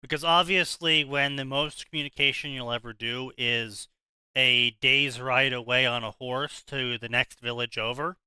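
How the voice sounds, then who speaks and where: A man talks in a loose, opinionated ramble, restarting his sentences as he goes. His voice is very bright and crisp, and it sits a little high. The sound is close and dry. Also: steady tone, moderate pace, no room sound, low-quality recording. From South Jersey, USA. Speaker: podcast co-host. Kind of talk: casual chat.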